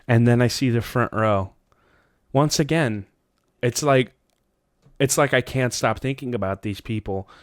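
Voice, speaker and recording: Smooth-voiced man rambling through a story. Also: measured pace, long pauses, no room sound, clean studio sound. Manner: rambling, profane, laughs often, jumps up in pitch for quoted lines. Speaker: podcast host. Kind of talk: casual chat, telling a dream story.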